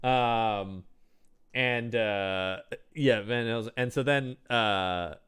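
A man co-hosting a podcast, retelling a film in casual chat as an animated storyteller who slips into exaggerated voices. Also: lowish voice, very slow, clear, resonant tone. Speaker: podcast co-host. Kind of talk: casual movie-review chat.

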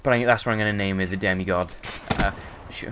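Male gamer, low tense voice, hiccuping, sore throat, rambly and profane commentary. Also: fairly even intonation, fast, a bit bright, slight background noise. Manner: rambling, sweary, frequent ums. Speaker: gameplay commentator. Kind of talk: casual gameplay commentary.

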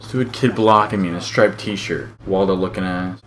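A man's voice: sits low, brisk, hardly any pauses, slight background noise. A young man giving gameplay commentary as a channel host, muttering and swearing at the game in frustration.

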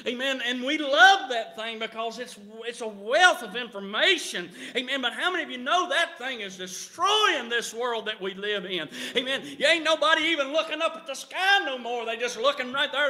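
A middle-aged man preaching a revival sermon in a church, rising to shouts and punctuating his points with amen. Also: extremely high pitch, animated, moderate pace, few pauses.

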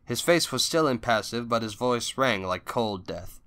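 Bright-voiced male audiobook narrator. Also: mid-range voice, lively intonation, normal speed, smooth. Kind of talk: scripted narration.

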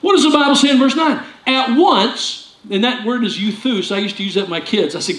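A man pastor preaching a sermon, animated and jokey, with sudden loud outbursts. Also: very high-pitched, fairly quick, hardly any pauses. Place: church sanctuary. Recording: echoey church room with faint ambience.

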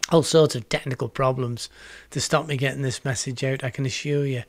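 A man in his sixties preaches an earnest, reflective sermon on home video in front of a green screen, repeating words for emphasis. His mid-range voice is steady and a little fast, and the recording is dry.

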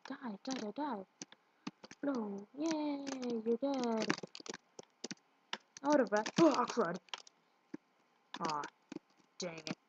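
Woman, higher voice, rambling game commentary, stumbles over words, muffled home recording. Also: vocal fry. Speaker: let's play gamer. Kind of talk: casual gameplay commentary. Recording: muffled lo-fi with loud hiss.

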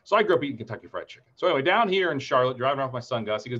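This market strategist, a man in his forties from Ohio, USA, races through his webinar presentation with hardly a pause, his medium-pitched voice animated and a bit bright. The audio is dull; his outlook is chatty and upbeat, with anecdotes between charts.

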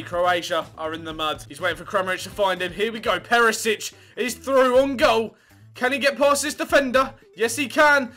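Lad calling his football game, bright sharp voice, yelps n swears. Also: high voice, moderate pace, soft background music. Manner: excitable, shouts and yelps at near misses, swears. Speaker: gaming channel host. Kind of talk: live gameplay commentary.

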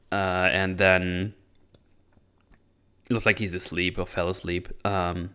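A man's voice: deep voice, steady tone, slow pace, a bit bright, clear, resonant tone. A man hosting his own channel, recapping a movie in a casual, rambling way, often laughing and acting out characters' lines. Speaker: channel host reviewing a movie.

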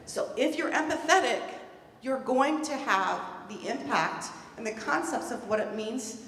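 A woman's voice: fairly high pitch, lively intonation, unhurried, fairly bright tone. Earnest woman speaking in an echoey hall. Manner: earnest and emphatic, repeats key words. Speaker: presenter at a conference. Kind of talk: conference talk. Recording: echoey hall, far from the mic, faint hum.

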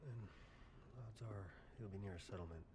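A man's voice: fairly low pitch, moderate pace, noisy background, lightly acted. An actor playing a guarded middle-aged man in a TV drama who speaks tersely and dryly. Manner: terse, dry, understated. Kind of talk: scripted TV drama dialogue. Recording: TV audio with background ambience.

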